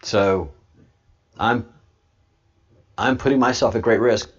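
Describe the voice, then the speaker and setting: A man hosting a livestream and answering chat, halting with many restarts, then repeating points slowly and with emphasis. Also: lowish voice, lo-fi sound. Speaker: channel host.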